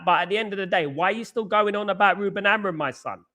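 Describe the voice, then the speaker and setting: A man's voice: sits high, fast talker, few pauses, sharp tone. A young man from England, hosting a live football stream and ranting passionately, with mocking jabs at rival fans. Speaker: football channel host.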